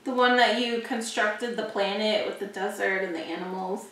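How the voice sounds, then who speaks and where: Shy giggly woman from puerto rico, bright tone, echoey room far from the mic. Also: mid-range voice, steady tone, normal speed. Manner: soft-spoken, shy, giggly. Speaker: co-host. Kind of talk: casual chat.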